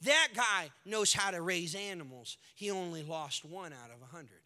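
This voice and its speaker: A man's voice: high voice, animated, moderate pace, pushed and bright, in a large hall. A man preaching a sermon as pastor, telling a parable with dramatic storytelling and acted-out voices.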